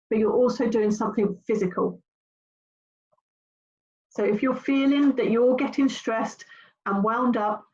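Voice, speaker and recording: Chatty woman coaching on anxiety. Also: fairly high pitch. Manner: chatty, animated, acts out voices. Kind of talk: talk to camera with slides. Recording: dull lo-fi sound.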